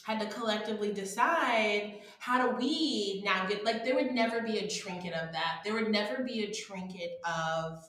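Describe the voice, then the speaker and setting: An American woman chatting casually as a podcast co-host, animated and emphatic, often slipping into quoted voices. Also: mid-range voice, moderate pace, few pauses, heavy reverb. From United States. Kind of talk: casual chat.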